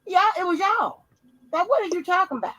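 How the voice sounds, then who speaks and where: Stream host lady, high voice, stammers and laughs, noisy bg. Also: lively intonation, a little fast. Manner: loose, stammering, laughs often. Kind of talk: casual chat.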